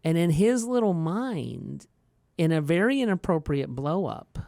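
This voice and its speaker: Man, podcast co-host, smooth voice, dry recording, casual storytelling. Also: lively intonation, a little slow, darkish tone, dry recording. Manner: storytelling, acts out quotes in a higher voice.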